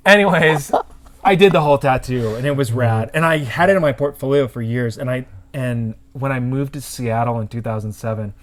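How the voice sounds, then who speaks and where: A man's voice: medium pitch, brisk. A man, a tattoo artist, telling a story in casual chat and acting out the people in it. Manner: animated storyteller, acts out quotes.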